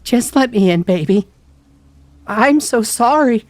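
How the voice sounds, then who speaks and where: Play a weeping mother's voice that is really a creature, as a man narrator puts it on: high, coaxing and tearful, pleading to be let in, with an odd hollow tone that is not quite human. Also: unhurried, no echo. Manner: pleading, tearful, escalating to shouting. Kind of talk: horror story narration.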